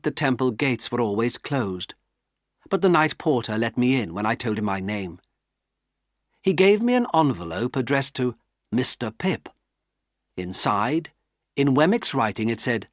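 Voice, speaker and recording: A man narrating a graded-reader classic as an audiobook, with clear, measured storytelling. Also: mid-range voice, dry recording, clean studio sound.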